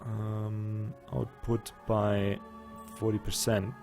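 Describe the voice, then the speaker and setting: A man's voice: fairly low pitch, level tone, drawn-out words, gravelly, over music. A man with a German accent, casually commenting on a strategy game and thinking aloud with muttered asides. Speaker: let's play gamer.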